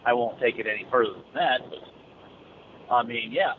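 A man's voice: mid-range voice, a little slow. A man chatting casually on a call, rambling and restarting his sentences often. His voice comes through a narrow, tinny phone line. A faint hiss sits behind him. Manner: rambling, many restarts and stammers. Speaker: truck driver calling in. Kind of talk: casual chat.

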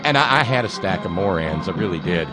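Lively, barker-style male show host. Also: deep voice, brisk, over loud music. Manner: carnival-barker patter, mocking asides. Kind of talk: sarcastic talk show monologue.

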